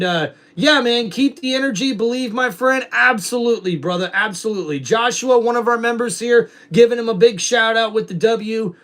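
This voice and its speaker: A man's voice: sits high, a bit bright. A man hosting a live stream, chatting casually with viewers in a slangy way and calling wrestling play-by-play. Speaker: livestream host.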